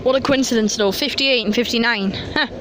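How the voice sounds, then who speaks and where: A transport vlogger from North East England chats briskly in a very high voice while walking and talking on an outdoor metro station platform. He rambles excitably about train details, and the station noise comes through loudly.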